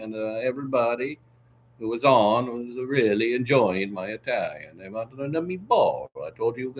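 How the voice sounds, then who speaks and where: A man's voice: mid-range voice, animated, moderate pace, slight background noise. A man hosting a livestream, chatting casually with viewers in a jokey, meandering way and sniffling now and then. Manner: jokey, meandering, full of "uh" and asides. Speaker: livestream host. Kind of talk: casual rambling chat with viewers.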